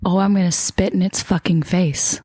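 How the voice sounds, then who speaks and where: Flat-voiced woman playing a tabletop game. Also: fairly low pitch, moderate pace, dry recording, clean studio sound. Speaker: player. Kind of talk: tabletop game role-play.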